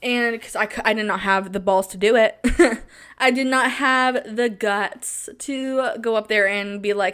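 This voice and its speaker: A woman's voice: a little high, moderate pace, fairly bright tone, smooth. A young woman hosting a podcast, telling a story in a casual monologue, dramatic and laughing often as she repeats phrases for emphasis. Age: young adult. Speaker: podcast host.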